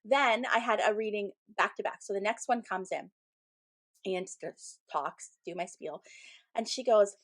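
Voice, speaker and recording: A woman co-hosting a podcast as a medium, chatting casually and telling stories with lively acted-out quotes. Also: medium pitch, unhurried, dry recording. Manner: animated storytelling, acts out quoted people. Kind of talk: casual chat.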